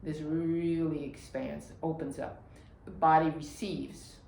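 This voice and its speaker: A woman's voice: sits low, flat delivery, slow pace, creaky, darkish tone, a little hiss or hum. A woman teaching a breathwork lesson, talking emphatically, repeating her cues and checking in with "right?". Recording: echoey room.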